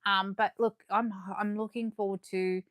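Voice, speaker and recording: A young adult Australian woman hosting a live unboxing, chatting warmly and gushing as she reads comments aloud. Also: mid-range voice, level tone, moderate pace, clear, resonant tone, no echo, studio quality. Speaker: livestream host.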